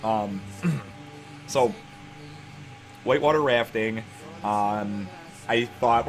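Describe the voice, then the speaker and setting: A man's voice: lowish voice, drawn-out words, pauses often, faint music behind. A man streaming live while he plays a game, chatting casually and telling a rambling, self-deprecating story into a desk microphone.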